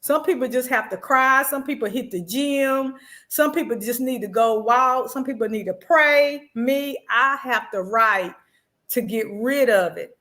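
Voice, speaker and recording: A woman author speaking as a guest, telling personal stories in an animated, expressive way. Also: on the high side, a little slow. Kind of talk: casual chat.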